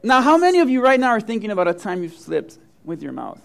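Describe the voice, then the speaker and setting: A man's voice: fast, vocal fry. A middle-aged male pastor preaching a sermon, telling funny personal stories and acting out the quotes with big swings in voice. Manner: animated storyteller, acts out quotes with big swings of pitch and loudness.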